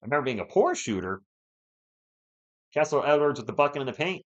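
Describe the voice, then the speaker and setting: A man's voice: on the high side, fairly quick, muffled recording. A man hosting a fan live stream, calling the game play by play and bantering with the chat. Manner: animated, partisan, banters with chat.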